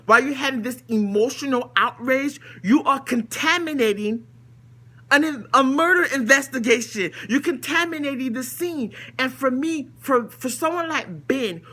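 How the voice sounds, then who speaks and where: A woman's voice: sits high, lively intonation, normal speed, a bit bright. A woman recording a casual vlog rant, blunt and exasperated, firing off rhetorical questions and dismissive asides. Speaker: vlogger reviewing a TV episode.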